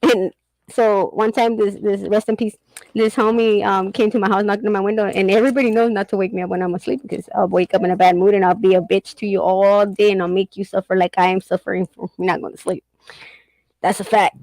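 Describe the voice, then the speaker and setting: Gravelly woman, middle-aged, candid casual chat, dry close sound. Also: medium pitch, level tone, brisk, darkish tone, no echo, low-quality recording. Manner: candid, swearing, laughs often. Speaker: host.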